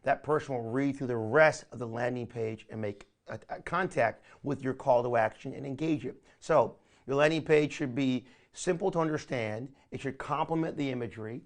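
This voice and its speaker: An online marketing trainer runs a recorded training session at normal speed with a medium-pitched voice. He sounds energetic and coach-like, often addressing listeners as "my friend."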